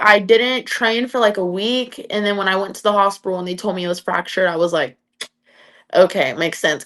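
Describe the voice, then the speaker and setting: On a podcast, a young adult woman who fights in MMA chats as a guest and tells stories, filling her speech with "like." Her voice is mid-range and slightly bright, and the talk is casual interview storytelling.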